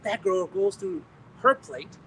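This high-voiced pastor from the United States preaches slowly in a gravelly tone, weaving lively stories into his sermon testimony, laughing softly and starting phrases over. The mic seems a bit distant, and a light background hiss runs underneath.

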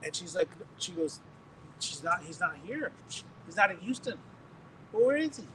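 A man's voice: high voice, lively intonation, moderate pace, bright, forceful tone. A male preacher giving a sermon testimony as a story, acting out the voices of the people he quotes. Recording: distant mic with faint noise.

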